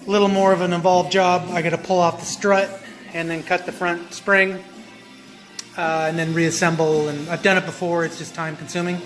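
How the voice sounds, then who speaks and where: A man's voice: high-pitched, flat delivery, normal speed, fairly bright tone, faint music behind. A man talking casually through his own car repair job in a DIY vlog, rambling and talking to himself as he works. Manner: rambling, self-talking, chatty with restarts. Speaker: car hobbyist vlogger.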